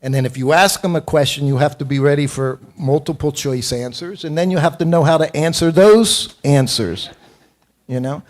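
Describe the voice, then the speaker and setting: In a temple hall, a man in his seventies leads a morning class in a slightly raised, somewhat high voice at a moderate pace. He shares personal stories with self-deprecating humor and frequently breaks into chuckles.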